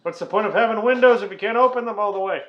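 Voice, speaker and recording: A man's voice: sits high, very fast, muffled recording. A man hosting a casual movie-review podcast, rambling and swearing, often laughing and acting out silly quotes. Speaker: podcast host.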